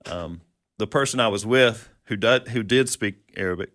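A man's voice: lowish voice, fairly quick, fairly bright tone, no echo, clean studio sound. A man co-hosting a conversational Bible teaching, explaining verses and asking questions. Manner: explanatory, quotes scripture, asks questions.

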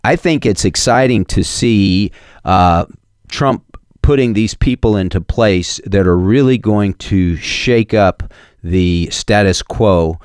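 A man's voice: fairly low pitch, takes it slowly, darkish tone, clear, resonant tone, no room sound. A male talk radio host delivering an emphatic, repetitive monologue into a studio microphone. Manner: emphatic and repetitive, mocking opponents in quoted voices.

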